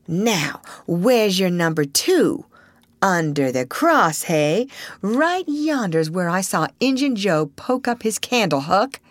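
A woman's voice: mid-range voice, big pitch swings, slow pace, no echo, voice pushed up. A woman voicing a bold, scheming boy who leads adventures, speaking in an eager folksy dialect. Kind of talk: audiobook character reading.

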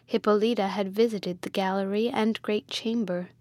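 A woman reading a Gothic novel aloud in a measured, even storytelling manner. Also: medium pitch, no room sound. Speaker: audiobook reader.

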